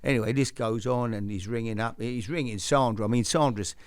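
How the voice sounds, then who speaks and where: Hosting a chat show, an older man tells casual stories in a rambling way, restarting often. He speaks briskly at a medium pitch with a clean tone.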